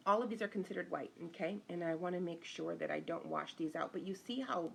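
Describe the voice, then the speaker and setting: A woman's voice: lowish voice, a little fast, creaky, slight background noise. A middle-aged woman, an interior designer, giving a casual live-stream lesson, chatting and greeting viewers by name as she goes.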